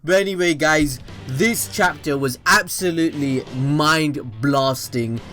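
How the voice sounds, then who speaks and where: An energetic man hosts a casual manga review, rambling enthusiastically through his theories. His voice sits fairly high for a man, and faint music plays underneath his talk. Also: slow pace. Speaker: anime channel host.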